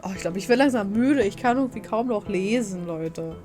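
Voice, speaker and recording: A woman streamer talking casually while she plays a story game, reacting in a lively, chatty way. Her voice sits in a middle pitch. Faint game music plays underneath. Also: a little fast. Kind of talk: casual let's-play commentary.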